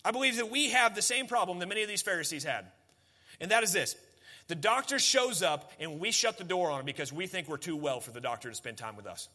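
A man delivers a sermon, talking to his congregation like he's chatting with them. His voice sits high and sounds bright and forceful, and he keeps throwing in rhetorical questions and casual asides. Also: expressive, fast talker. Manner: conversational preaching, rhetorical questions, folksy asides. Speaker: pastor.

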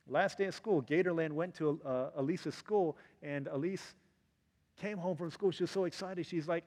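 A middle-aged man preaching a sermon as pastor, animated and acting out quotes in different voices. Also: fairly high pitch, moderate pace, breathy edge. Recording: long hall reverb.

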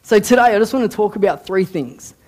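A man's voice: high voice, expressive, a little fast, a little mellow. A man, a youth pastor giving a conversational sermon, often repeating words as he talks. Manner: conversational, repeats words, acts out quoted voices. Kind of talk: casual sermon.

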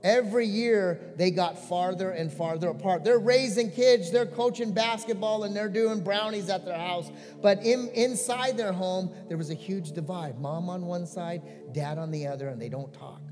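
High-voiced pastor preaching in a reverberant hall. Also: male voice, moderate pace, few pauses, a little mellow, faint music behind. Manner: earnest storytelling that swells into pleading exhortation. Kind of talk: sermon.

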